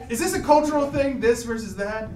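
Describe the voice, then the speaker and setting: A man hosting an improv comedy show on stage, energetic and joking with the audience. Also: very high voice, brisk, slight background noise. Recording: echoey room from a distance.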